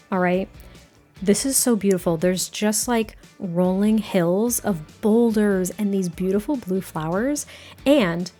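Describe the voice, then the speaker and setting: A woman's voice: medium pitch, darkish tone. Effusive woman narrating a life-sim game. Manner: effusive, gushing, chatty. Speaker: gaming content creator. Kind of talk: casual gameplay narration.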